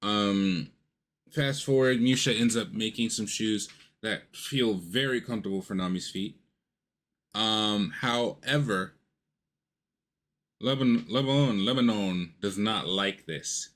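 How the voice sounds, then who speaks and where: A man's voice: on the low side, slow pace, a bit bright. A man casually reviewing a show, rambling with lots of fillers and the odd curse.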